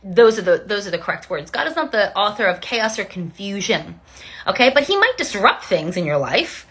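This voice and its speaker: A woman's voice: medium pitch, big pitch swings, normal speed, fairly bright tone, husky. A young woman giving an informal devotional teaching, emphatic and repeating her declarations again and again. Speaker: Christian teacher.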